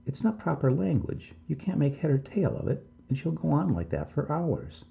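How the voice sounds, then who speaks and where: A man's voice: lowish voice, big pitch swings, moderate pace, vocal fry. A man voicing a worried, tearful middle-aged village mother who pleads deferentially and keeps calling him sir. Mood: worried pleading. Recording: tinny phone-like audio.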